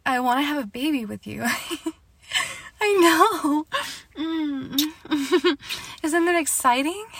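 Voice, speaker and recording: A woman performing an intimate audio role-play, speaking softly and affectionately, often laughing between phrases and sometimes dropping into a whisper. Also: fairly high pitch, dry recording. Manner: drops into breathy whispers at times.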